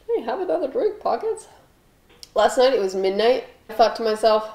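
Deadpan woman rambling in an echoey kitchen. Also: mid-range voice, normal speed. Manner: offbeat, jokey asides, mock voices for quoted people. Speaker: comedic baking host. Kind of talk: rambling deadpan comedy monologue while baking. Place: home kitchen. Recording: echoey kitchen with faint noise.

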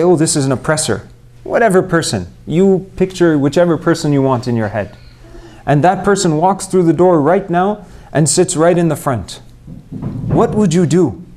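Young Montreal-raised male preacher, earnest, rhetorical, slightly high voice. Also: warm tone. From Canada, Montreal. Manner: earnest, rhetorical questions to the audience. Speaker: Islamic preacher. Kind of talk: mosque talk.

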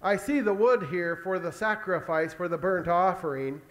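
A man voicing an eager young son on a trip with his father, talking in an excited, chatty, boyish way. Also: high-pitched, normal speed. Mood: curious.

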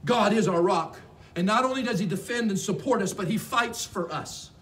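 A male pastor preaching a sermon in a fervent, repetitive way that rises to shouts. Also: sits high, normal speed. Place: church sanctuary. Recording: distant mic with faint background noise.

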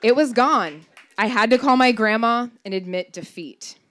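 A woman's voice: fairly high pitch, normal speed, a bit bright. A woman in her thirties telling a true personal story on stage, wry and candid, swearing for comic punch. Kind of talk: live personal storytelling performance.

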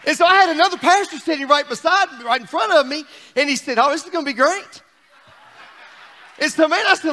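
Exuberant high-voiced preacher. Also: male voice, expressive, brisk, in a large hall. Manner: exuberant, swings from shouting to quiet asides. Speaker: pastor. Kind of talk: sermon. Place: church sanctuary.

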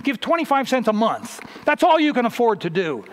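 A man preacher voicing a sly, coaxing male devil who tempts people to give less, stretching his words with drawn-out "ooh" sounds. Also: very high-pitched, sing-song, pitched above the performer's own voice.

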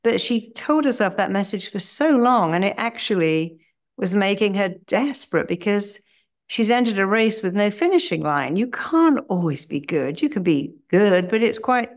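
A middle-aged woman hypnotherapist telling client stories in an animated, conversational way. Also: mid-range voice, normal speed. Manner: animated anecdotes, lively acted-out quotes. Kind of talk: conversational storytelling.

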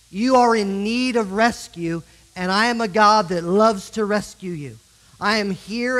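A man's voice: high-pitched, a bit bright, poor audio. A middle-aged man with an American accent, preaching a sermon as pastor and acting out pleas and quotes with rising intensity. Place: church sanctuary.

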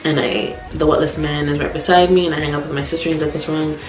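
A woman's voice: low voice, fairly even intonation, fast. A young woman telling a personal story for her vlog in a candid, raw way and swearing bluntly. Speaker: vlogger. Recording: roomy echo with background music.

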